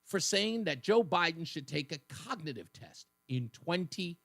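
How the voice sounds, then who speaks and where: A man's voice: a little high, animated, a little slow, gravelly, a bit bright, no echo. A man hosting a talk radio show, delivering a combative, sarcastic political monologue in a punchy, mocking manner.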